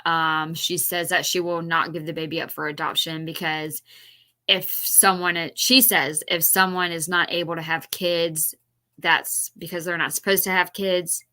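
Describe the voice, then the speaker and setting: A woman's voice: on the low side, fairly even intonation, a little slow, pushed and bright. A woman commenting on a livestream in a blunt, exasperated, casual way, with many fillers.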